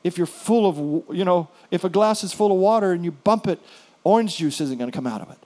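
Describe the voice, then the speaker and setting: A middle-aged male pastor preaching, his voice sitting a little higher than most men's. He tells stories in an animated way, dropping to hushed, soft lines and then rising into loud, emphatic bursts. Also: brisk. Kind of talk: sermon.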